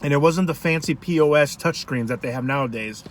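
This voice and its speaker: A man food vlogger telling a rambling, animated story to camera from a parked car. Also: fairly high pitch, fairly quick, faint music behind. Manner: rambling, animated, self-interrupting.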